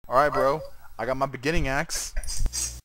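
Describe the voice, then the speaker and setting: A man at an ordinary pitch commentates his own game duel in a loose, joking way. He trash-talks and swears at his opponent and laughs often. A steady hiss of noise sits under his voice. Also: unhurried. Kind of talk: casual gaming commentary.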